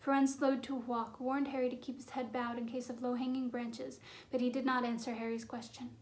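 High-voiced woman reading a fantasy story. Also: little pitch movement, a little mellow. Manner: measured, suspenseful storytelling. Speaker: audiobook narrator.

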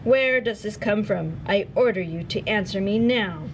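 A woman's voice: mid-range voice, normal speed, background noise, lightly acted. A woman voicing a cold, cruel stepmother who issues stern, clipped demands. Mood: cold, commanding. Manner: stern, clipped demands; silky-polite on the phone.

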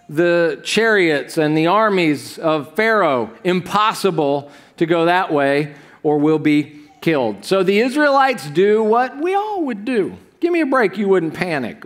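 A man preaching a sermon from a church stage, talking conversationally with the congregation, full of asides and questions to them. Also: high-pitched. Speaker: pastor.

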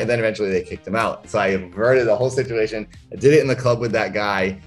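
A man's voice: on the low side, fast, faint music behind. A man talking as a guest in a casual interview, reflective and thinking aloud about his work. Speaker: interview guest, comedian and character performer.

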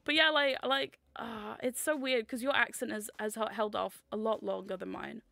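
A young woman from the United States chats on a livestream with a bright, lively tone, giggling and reading viewer comments as they come in. Her voice is a little high and sits close and dry on the mic. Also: moderate pace, gravelly, no room sound. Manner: giggly, excitable, reads chat aloud. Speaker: livestream host. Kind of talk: casual livestream chat.

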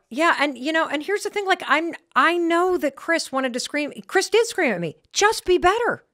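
A middle-aged woman with an American accent, hosting a podcast and telling a candid story in an animated way. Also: mid-range voice, no echo, clean studio sound. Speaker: podcast host. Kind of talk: motivational podcast talk.

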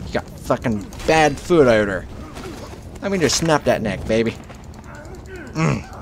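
A man's voice: mid-range voice, lively intonation, a little slow, noisy background. Foul-mouthed man joking through a game. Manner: profane, joking, talks back to the game. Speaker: video game let's player. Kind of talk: casual gameplay commentary.

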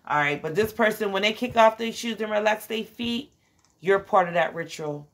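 A tired woman with a raspy voice giving a casual tarot reading, loose and slangy, talking to her listeners as guys, honey and child. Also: medium pitch, moderate pace. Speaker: tarot reader.

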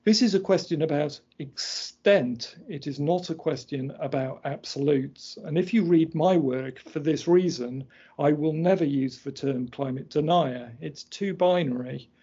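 A middle-aged man giving an academic lecture, explaining slides point by point in a measured, precise way. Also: fairly high pitch, warm tone, slightly rough. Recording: dull lo-fi lecture recording.

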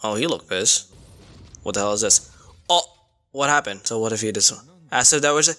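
Excitable young man reacting to anime. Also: medium pitch, a little fast. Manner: excitable, swears a lot, sudden loud outbursts. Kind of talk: casual reaction commentary.

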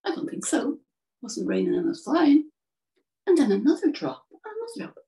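A woman's voice: big pitch swings, moderate pace, creaky, full character voice. A woman putting on a chirpy little swallow. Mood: annoyed. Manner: high, bright bursts of surprise. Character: chirpy little male swallow, restless and chatty. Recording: distant from the mic.

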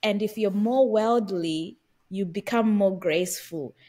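Husky-voiced woman chatting on a podcast, thoughtful, lots of "like" and restarts. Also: measured pace. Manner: reflective, fillers and restarts, animated pitch swings. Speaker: podcast host. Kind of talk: casual conversation.

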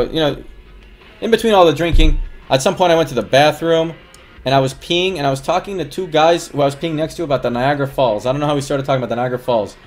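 A man livestreaming, telling a long story to his chat in a rambling, casual way with lots of fillers and laughs. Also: mid-range voice.

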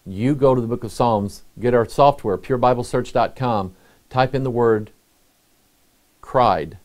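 A middle-aged man, a pastor, preaching a sermon in an earnest, conversational way with pauses. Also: mid-range voice, a little mellow.

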